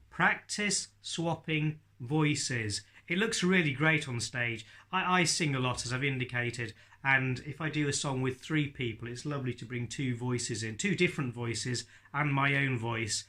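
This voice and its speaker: A man's voice: medium pitch, sharp tone. A man teaching ventriloquism in a chatty tutorial, speaking directly to his viewers. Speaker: ventriloquism instructor. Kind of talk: friendly tutorial talk.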